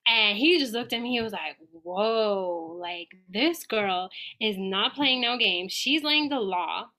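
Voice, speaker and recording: Speaking slowly at a medium pitch, a female podcast guest shares a personal anecdote with casual animation, acting out the dialogue she quotes from herself.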